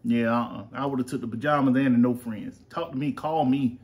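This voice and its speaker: A man's voice: mid-range voice, steady tone, fairly quick, a little mellow. A man, chatting as podcast host and father, rambling with lots of fillers. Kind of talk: casual chat. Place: home.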